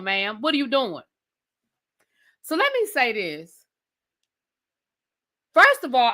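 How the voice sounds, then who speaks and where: Incredulous, bright-voiced woman ranting. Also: a little high. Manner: blunt, incredulous, rapid-fire rhetorical questions. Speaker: TV review host. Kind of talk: casual rant review.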